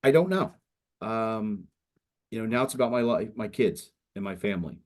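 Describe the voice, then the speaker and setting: A middle-aged man with a low voice speaks to a room of students as an invited legislator. He talks loosely and conversationally, drifting from point to point and leaning on "you know" as he thinks aloud. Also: expressive, moderate pace, darkish tone. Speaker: state senator, guest speaker. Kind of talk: casual talk to students.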